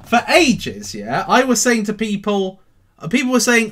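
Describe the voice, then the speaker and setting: A man hosting a casual livestream about crypto, answering viewer questions in a cheeky, animated way. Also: sits high, moderate pace. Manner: animated and cheeky, swinging between loud bursts and mutters.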